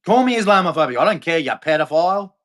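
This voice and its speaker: High-pitched, heated man ranting. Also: expressive, quick pace, a bit bright. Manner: heated, accusatory, repetitive, profane. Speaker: livestream host. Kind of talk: angry livestream rant.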